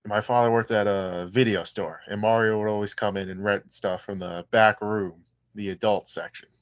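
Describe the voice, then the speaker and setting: Man, wrestler guest, casual interview storytelling, lowish voice, relaxed. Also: moderate pace, clear, resonant tone, no room sound, muffled recording.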